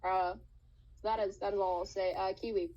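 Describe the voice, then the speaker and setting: Woman, husky mellow voice, offhand lawyer in a playful online mock trial, dull lo-fi sound. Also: medium pitch, steady tone, normal speed. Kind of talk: casual role-play over voice chat.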